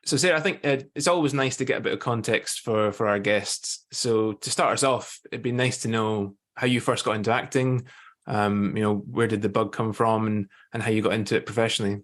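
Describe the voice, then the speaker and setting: A man with a Scottish accent, hosting a podcast and asking questions in a relaxed, friendly way. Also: fairly low pitch, brisk. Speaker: podcast host. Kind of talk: casual interview hosting.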